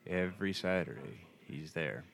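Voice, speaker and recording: A man's voice: low voice, normal speed, creaky, fairly bright tone. A man in his thirties co-hosting a casual chat, sarcastic and rambling, with frequent swearing. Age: 30s. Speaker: podcast co-host.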